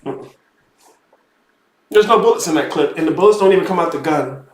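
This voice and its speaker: A man's voice: on the high side, a little fast. Man, spiritual teacher, casual lecture, emphatic and profane, echoey room. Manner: emphatic, profane, keeps saying "bro". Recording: roomy echo.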